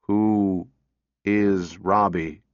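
A man voicing a talking exhibit robot that speaks slowly and flatly, without intonation. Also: deep voice, no echo. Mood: mechanical. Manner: slow, halting, toneless. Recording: dull dry recording.

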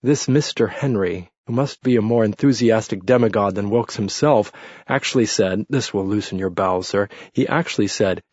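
A man's voice: lowish voice, normal speed, darkish tone, husky, dry recording. A man voicing a bitter, witty redheaded Englishman who talks dryly and mournfully. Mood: sardonic. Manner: dry, mournful, sardonic. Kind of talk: audiobook character reading. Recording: muffled lo-fi recording.

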